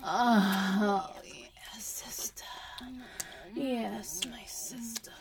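A woman voicing a seductive, commanding immortal sister in a whispered role-play, speaking in a breathy, teasing whisper. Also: mid-range voice, fairly even intonation, very slow, a crowd in the background. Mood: sultry.

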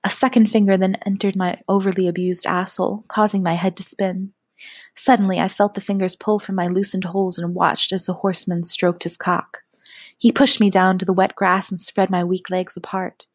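Woman, first-person adult story narration, soft, half-whispered, dry close sound, medium pitch. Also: flat delivery, moderate pace, no echo.

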